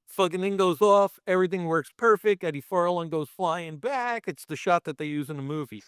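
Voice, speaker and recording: A middle-aged Brooklyn man with a thick local accent tells stories from the film set, swearing freely and acting out booms and camera sounds. His voice sits a little higher than most men's. The recording is close and dry, with no room around it. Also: normal speed, clear, resonant tone, no room sound. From Brooklyn, New York. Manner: profane and animated, acting out sound effects. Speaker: podcast guest, special effects artist. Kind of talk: casual storytelling.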